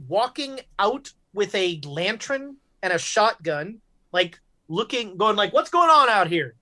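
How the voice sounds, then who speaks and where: A woman's voice: medium pitch, a bit bright. A woman game master narrates a spooky tabletop scene in an ordinary mid-range voice. She talks loosely and breaks off often to find her words. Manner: halting, many fillers.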